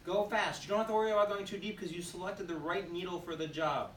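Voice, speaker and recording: A man teaching a nursing class, his voice somewhat high for a man. He talks emphatically, repeating key phrases like a drill and firing questions at the students. He was recorded from a distance in an echoey room with faint background noise. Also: steady tone, fast talker. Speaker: nursing instructor. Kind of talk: classroom demonstration lecture.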